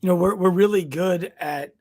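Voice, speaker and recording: Husky, reflective man. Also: high-pitched, moderate pace, a little mellow. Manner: reflective, affirming listener. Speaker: podcast guest. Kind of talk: casual chat.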